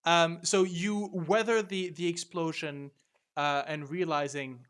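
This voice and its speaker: A man narrating as game master, halting with many fillers and restarts. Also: fairly high pitch, fairly even intonation, fairly bright tone, clear, resonant tone.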